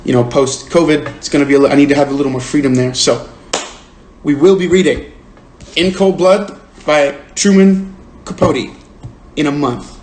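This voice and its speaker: A man's voice: a little high, fairly even intonation, moderate pace, long pauses, darkish tone. Earnest rambling man, roomy phone sound. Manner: rambling and earnest, heavy use of "like". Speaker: book club host. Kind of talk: casual livestream chat. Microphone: phone livestream. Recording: roomy with faint hiss.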